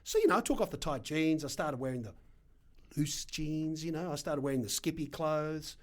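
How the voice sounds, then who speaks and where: A middle-aged Australian man with an Australian accent, a guest telling his story in an animated, emphatic way with punchy asides. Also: a little high, moderate pace. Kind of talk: casual storytelling interview.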